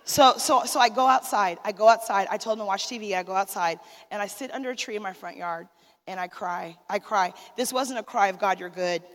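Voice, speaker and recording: A woman's voice: mid-range voice, fairly quick, a bit bright. A woman giving an emotional sermon testimony as a minister's wife, talking straight to the listeners. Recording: long hall reverb.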